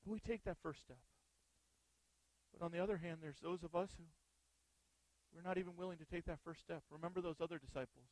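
Male pastor giving a sermon, fairly high voice, dead dry mic, keeps asking the church questions. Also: a little fast, pauses often, darkish tone, no room sound, rough recording. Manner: earnest, asks the congregation rhetorical questions.

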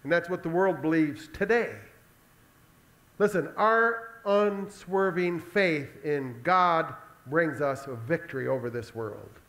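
A male pastor delivering a sermon in an animated storytelling way, acting out Bible scenes. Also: a little high, slow pace.

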